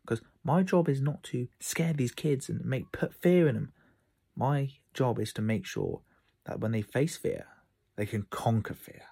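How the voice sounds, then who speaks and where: A man hosting a casual solo podcast from his room, an outdoor camp instructor telling animated stories and acting out the kids' voices. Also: medium pitch, gravelly, breathy edge.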